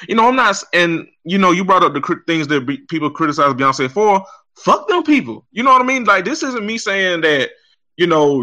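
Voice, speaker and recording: Heated ranting man, bright and lively. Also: fairly high pitch. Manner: heated, exasperated, swears heavily. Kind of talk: profane ranting commentary.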